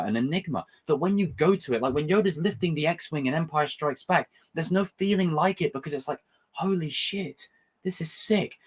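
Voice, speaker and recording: Brief: young man, fired-up profane reviewer, pitch swinging up and down. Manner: animated, rambling, passionate and profane. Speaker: film and TV reviewer. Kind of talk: casual review vlog.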